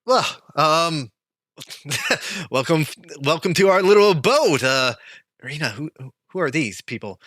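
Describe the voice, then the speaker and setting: A flustered, soot-caked tinkerer blurting in a high, loud voice, as a male game master puts him on. His voice is bright and crisp, recorded dry. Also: lively intonation, takes it slowly, no echo, full character voice. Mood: flustered welcoming. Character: sooty startled male tinkerer.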